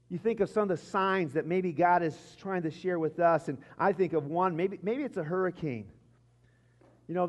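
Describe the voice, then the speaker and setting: High-voiced pastor in a reverberant church. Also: male voice, lo-fi sound. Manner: storytelling with frequent restarts. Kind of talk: sermon. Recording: long reverb of a large church hall.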